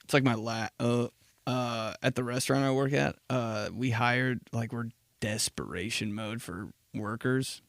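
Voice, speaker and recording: A man's voice: medium pitch, steady tone, measured pace, vocal fry, no echo. A young man hosting a solo podcast, telling rambling, profane stories and laughing at his own jokes. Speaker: podcast host. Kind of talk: casual solo podcast monologue.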